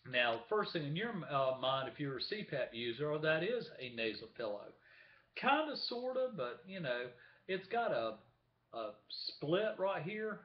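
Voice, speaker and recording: A vlogger with a slightly high voice speaks a little slowly but very animatedly, chatting to the camera and showing viewers things. He's in a room at home with the window open, and the sound is dull, lo-fi and echoey.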